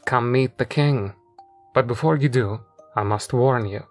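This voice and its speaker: A man voicing an exasperated older male manager who grows agitated and loud. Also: a little slow, faint music behind, lightly acted. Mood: confiding. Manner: raised, agitated, pitched up.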